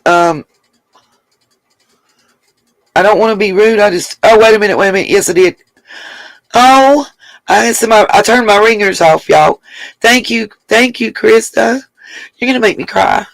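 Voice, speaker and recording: Her voice is medium-pitched and gravelly, moving at a moderate pace, captured on poor audio with no room sound. As a livestream host, she comments and reads chat bluntly and emphatically, swearing freely and thanking the people watching.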